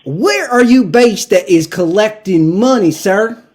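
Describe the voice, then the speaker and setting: A goofy fake loan salesman with a put-on American Southern drawl, as a man puts him on in a prank phone call. He stretches out an absurd sales pitch in a voice pushed well above his natural register. It comes across as hammy and deliberately ridiculous. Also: animated, a little mellow. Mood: mock astonished.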